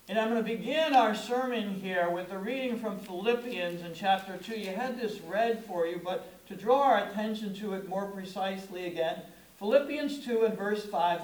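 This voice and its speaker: A middle-aged pastor with a high voice delivers a chatty, storytelling sermon, punching certain words for emphasis. The sound rings around an echoey church sanctuary. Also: male voice, a little slow. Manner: conversational, storytelling preaching with emphatic stresses. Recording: echoey room.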